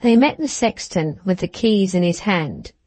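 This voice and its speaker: A woman narrating an audiobook of a classic novel in a measured, even reading. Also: on the low side, dry recording. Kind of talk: scripted narration.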